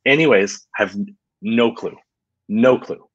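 A man guest telling motivational stories in a lively, casual interview. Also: medium pitch, slow pace, breathy edge, dry recording, lo-fi sound. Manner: energetic, motivational, tells stories.

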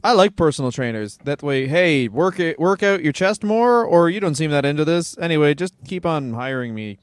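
A man, a comedian, co-hosting a podcast in fast, profane, self-mocking banter. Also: a little high, lively intonation, dry recording.

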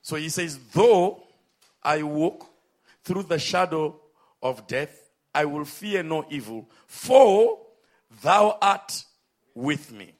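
A man preaching a sermon, with emphatic, drawn-out phrases, calling on the congregation to respond. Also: fairly high pitch, animated.

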